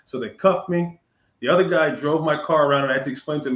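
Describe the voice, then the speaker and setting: A man, a guest on a chat show, tells a story in a casual, animated way, acting out the lines of the people in it and laughing often. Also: a little high, fast talker. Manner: animated, acts out quoted dialogue, laughs often. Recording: muffled echoey room recording.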